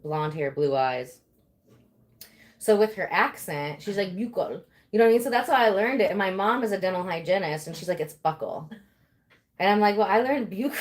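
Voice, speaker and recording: A young woman hosting a live session, chatting casually and bubbly with many fillers while giving a massage. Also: medium pitch. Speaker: massage practitioner and live host.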